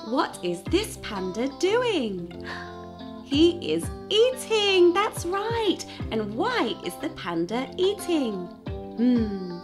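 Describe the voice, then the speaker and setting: A woman teaching toddlers in a slow, clear voice, gasping with surprise, singing and imitating animal sounds. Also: high voice, sing-song, far from the mic, over music. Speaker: children's teacher. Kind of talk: toddler learning video.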